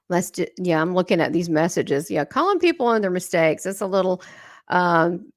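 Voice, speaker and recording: A woman's voice: fairly low pitch, animated, moderate pace, no echo, clean studio sound. Chatty woman hosting a livestream. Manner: chatty and rambling, acts out quoted dialogue. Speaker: channeler and livestream host. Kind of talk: casual livestream talk to viewers.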